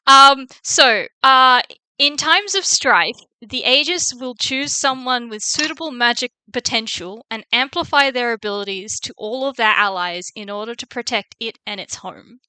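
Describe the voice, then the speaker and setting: A woman's voice: a little high, normal speed, sharp tone, clean tone, no echo. A woman running a tabletop game as game master, narrating with many hesitant ums and frequent laughs over a voice call.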